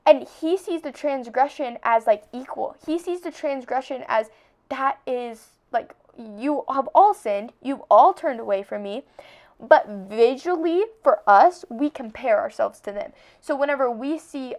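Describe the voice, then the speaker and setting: A woman's voice: on the high side, measured pace. A young woman hosting a podcast, talking earnestly and casually about her faith, with lots of "like" and restarts. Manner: chatty, earnest, heavy use of "like". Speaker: podcast host.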